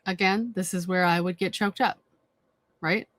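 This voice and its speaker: A woman's voice: on the low side, steady tone, moderate pace, a bit bright, no echo. A woman commenting on played clips in a conversational, repetitive way with frequent fillers.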